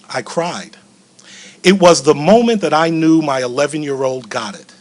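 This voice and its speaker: A middle-aged man tells a personal story from the podium in a fairly high voice. He is animated and acts out other people's words. At tender moments he slows and drops his voice. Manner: animated, acts out quoted voices with big pitch swings; slows and softens at emotional moments. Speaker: keynote speaker.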